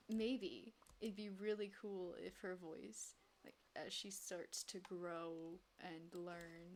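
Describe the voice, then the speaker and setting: A woman streamer chatters her way through a gameplay session, half talking to herself and half to her viewers, with a pitch that sits in an ordinary middle range. A faint hiss of background noise sits under her voice. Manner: chatty, talks to herself, sing-song and exclaiming. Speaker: streamer playing a block-building game. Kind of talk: casual live-stream gameplay chat.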